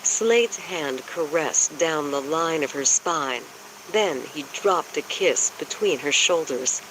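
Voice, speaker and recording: A man narrating a romance audiobook in a measured, even reading style. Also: a little high, background noise. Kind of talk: scripted narration.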